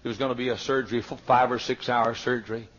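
Older preacher, hushed to shouting, dull old tape. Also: male voice, mid-range voice, little pitch movement, fast talker. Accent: Southern American. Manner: storytelling preacher who swings from hushed asides to shouting climaxes. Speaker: pastor. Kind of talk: sermon. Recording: dull lo-fi archival sermon tape.

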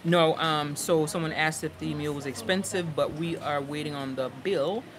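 A woman sits beside the host on a busy outdoor patio and works through viewer shout-outs in an easygoing, stop-and-start way. Crowd chatter fills the air around her. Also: deep voice, fairly even intonation. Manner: easygoing, reads names haltingly. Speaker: co-host reading viewer comments. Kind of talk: casual live-stream shout-outs.

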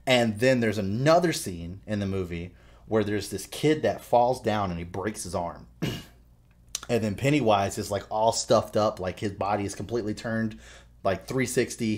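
A man co-hosting a podcast, telling a story in animated, profane casual chat. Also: on the low side. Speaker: podcast co-host.

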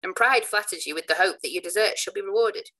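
A woman's voice: mid-range voice, fast, bright, forceful tone, pitched above the performer's own voice. A woman reading a self-assured male orator who speaks in a pompous, declaiming way.

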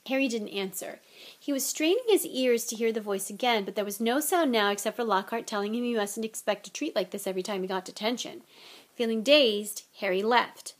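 A woman reads a novel aloud with lively expression. Between chapters she chats to listeners in a relaxed, friendly tone. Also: a little high, brisk. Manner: expressive, relaxed, chatty asides. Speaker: audiobook reader.

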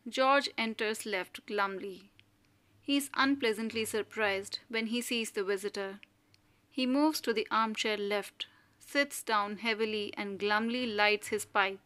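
Slow, bright-voiced woman reading a play. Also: mid-range voice. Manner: slow, clear stage-direction reading. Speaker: audiobook reader.

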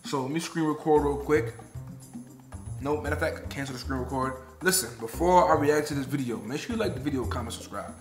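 A man's voice: a little high, fairly quick, roomy sound, soft background music. A young man hosting a casual reaction video, talking in loose slang and laughing along. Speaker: reaction channel host. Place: indoors, sit-down video.

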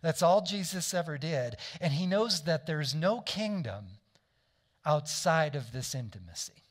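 Delivering a conversational sermon, this pastor keeps seeking the congregation's agreement and often restarts or corrects himself mid-thought. He sounds animated and unhurried, with a voice on the high side.

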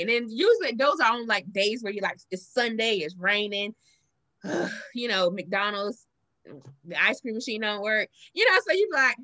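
Bright-voiced Southern woman telling stories. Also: fairly high pitch, a little fast. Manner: animated storytelling, acts out quoted lines. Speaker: podcast co-host. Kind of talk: casual chat.

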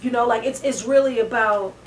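A woman comedian co-hosting a casual talk show, animated and quick to laugh, recorded in an echoey room away from the mic. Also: fairly high pitch, far from the mic, slight background noise. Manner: animated, breaks into laughs and acted-out quotes. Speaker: comedian co-host. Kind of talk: casual chat.

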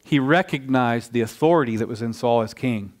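A male pastor preaching a sermon in a conversational, animated storytelling way, often restarting his phrases. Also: mid-range voice, fairly quick.

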